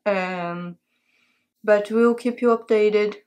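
A young woman talking casually to camera, soft-spoken and halting, close to tears. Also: mid-range voice, steady tone. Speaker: vlogger announcing a breakup. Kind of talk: casual heartfelt chat to camera.

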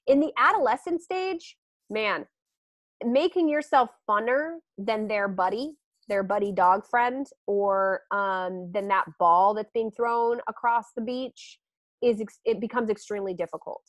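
A woman dog trainer, a guest on a podcast interview, explaining her training in a lively way with frequent laughs. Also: medium pitch, unhurried, no echo. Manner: animated, laughs often, acts out quotes.

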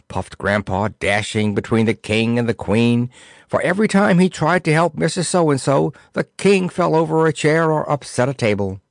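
A man reading a children's storybook aloud in an expressive, theatrical way. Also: medium pitch, normal speed, gravelly, no room sound, studio quality. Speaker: audiobook narrator. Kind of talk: storybook narration.

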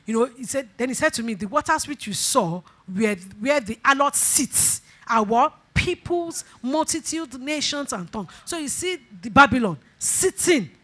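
A woman's voice: high voice, animated, moderate pace, few pauses, bright, forceful tone. A woman pastor preaching a sermon, leading call-and-response, repeating phrases and breaking into emphatic bursts. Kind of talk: sermon exhortation.

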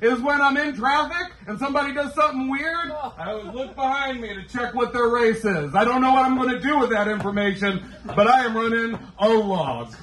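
A man in his forties doing a self-mocking, animated stand-up comedy set. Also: extremely high pitch, a little fast, hardly any pauses, slight background noise. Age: 40s. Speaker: stand-up comic. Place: comedy club stage. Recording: roomy club sound, mic from a distance.

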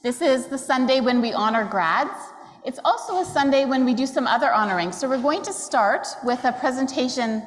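A woman pastor gives a plain, welcoming introduction in a church, her voice somewhat high. A long hall reverb trails after each phrase. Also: animated, a little fast. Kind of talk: worship service announcement. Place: church sanctuary.

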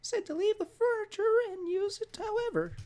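Squeaky sing-song old landlady from a horror game, fussy and forgetful, way up high, a guy putting it on. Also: lively intonation, normal speed, a little mellow. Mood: chirpy. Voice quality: squeaky falsetto. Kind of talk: reading game dialogue aloud in voices.

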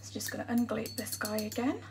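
A woman chatting casually during a livestream as she colours, often dropping to a soft murmur. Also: fairly high pitch, a little fast, creaky. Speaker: colouring channel host. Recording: distant mic with faint background hiss.

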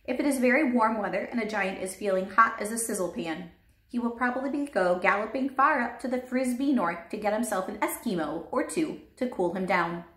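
A woman's voice: mid-range voice, brisk, a bit bright, close to an everyday voice. A woman voicing a big, friendly male giant who bumbles through made-up words with a folksy lilt, read aloud in a roomy space. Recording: roomy echo.

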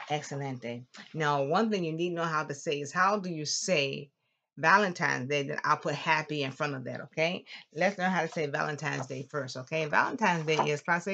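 A woman teaching a lively classroom language lesson, drawing out words slowly for the class to repeat. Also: low voice, gravelly, muffled recording. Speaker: Spanish teacher.

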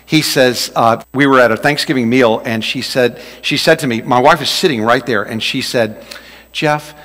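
A man's voice: medium pitch, normal speed, fairly bright tone. A man preaching a sermon as pastor, joking and folksy as he tells stories. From Louisiana. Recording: long reverb of a large hall.

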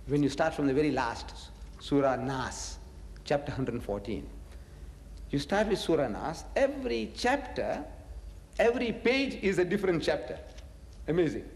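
A man's voice: a little high, normal speed, a little hiss or hum. A man giving a public lecture on scripture, telling stories with mocking asides and repeating phrases for emphasis. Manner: animated storytelling, mocking asides, chuckles. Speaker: religious lecturer. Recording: echoey hall reverb.

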